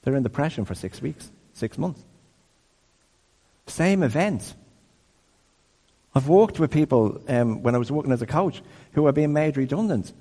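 A man's voice: medium pitch, lively intonation, moderate pace, pauses often, warm tone. Fifty-something man preaching in a reverberant hall. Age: 50s. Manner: conversational, asks the audience questions. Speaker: speaker. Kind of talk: sermon-style teaching talk.

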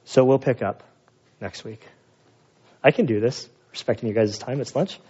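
A man's voice: mid-range voice, moderate pace, a little mellow, breathy edge, highs cut off. A man preaching a sermon as pastor, conversational and storytelling, building to emphatic peaks. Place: church sanctuary.

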